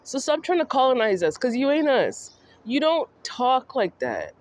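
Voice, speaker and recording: A woman's voice: sits high, huge pitch swings, normal speed, a little mellow. A woman vlogger ranting in a scolding, mocking monologue that speaks straight to the person she criticizes. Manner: scolding, mocking, addresses the subject directly.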